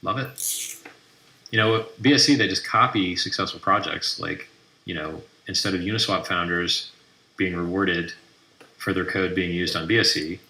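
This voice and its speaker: In an echoey, roomy space, a livestream host trash talks with brash mockery as he goes through posts. He speaks at normal speed, and his low voice sounds gravelly and sharp.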